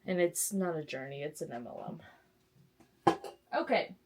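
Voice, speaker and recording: A woman's voice: low-pitched, expressive, a little slow. A young woman from Texas chatting casually to camera in a home vlog, self-mocking, with sudden squeals and whispered asides. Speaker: book vlogger.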